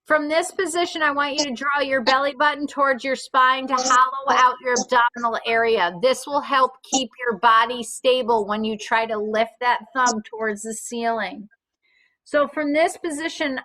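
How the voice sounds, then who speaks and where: Bright-voiced woman leading an exercise class. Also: sits high, steady tone, moderate pace, low-quality recording. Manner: clear step-by-step cues with gentle reassurance. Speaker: fitness instructor. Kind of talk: guided exercise class instruction.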